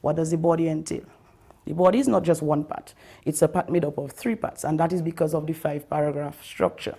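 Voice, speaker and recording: A woman's voice: steady tone, warm tone, husky. A woman teacher giving a recorded writing lesson to pupils, explaining step by step and often checking in with "okay?" and "all right?". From Dominica. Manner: stresses key terms by slowing down and lifting pitch.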